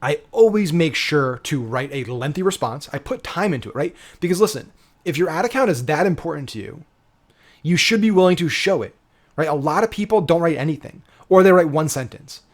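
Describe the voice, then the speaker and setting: A man's voice: on the high side, expressive, a little fast. A man giving a casual, emphatic marketing lesson, often checking in with "right?" and swearing casually. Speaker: digital marketing coach. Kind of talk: casual instructional talk.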